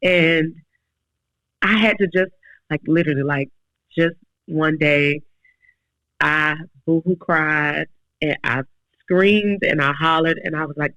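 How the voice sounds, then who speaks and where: A woman's voice: low-pitched, slow, long pauses, a bit bright, no room sound, rough recording. A woman in her forties, a podcast guest, telling her faith story earnestly with many restarts. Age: 40s. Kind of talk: casual faith talk.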